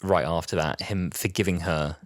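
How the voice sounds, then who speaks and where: A British man in his twenties co-hosting a podcast in casual chat, animated and acting out scenes in mimicked voices. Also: low-pitched, moderate pace, dry recording, studio quality. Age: 20s. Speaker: podcast co-host.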